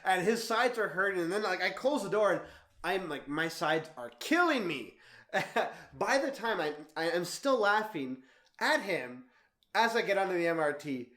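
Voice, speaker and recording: A young man in his twenties telling a travel story in a vlog, animated and laughing often as he talks. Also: high-pitched, moderate pace, echoey room. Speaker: travel vlogger.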